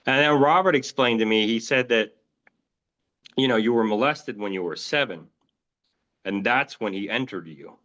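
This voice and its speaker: A man as an interview guest, recounting his own experiences in a rambling, halting way, full of fillers and restarts. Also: mid-range voice, fairly bright tone. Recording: dull lo-fi audio.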